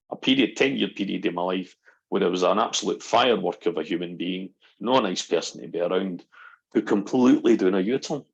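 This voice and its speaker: A middle-aged man with a low, gravelly and husky voice. He chats as a podcast guest and tells lively stories, putting on the voices of the people he quotes. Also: dull audio. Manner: animated storyteller, acts out quotes. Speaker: guest, NLP practitioner. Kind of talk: casual podcast chat.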